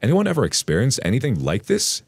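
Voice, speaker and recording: A man narrating a forum relationship story aloud in a wry, animated storytelling manner. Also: medium pitch, quick pace, creaky, breathy edge, no echo. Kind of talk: scripted narration of a forum post.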